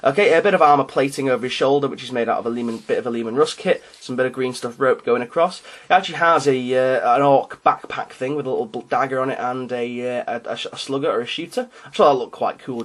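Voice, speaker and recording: A man's voice: mid-range voice, quick pace, hardly any pauses. A man casually showing off his hobby miniatures, talking in a rambling, hesitant way with frequent ums and restarts, and with an amused, self-deprecating tone. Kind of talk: casual show-and-tell narration.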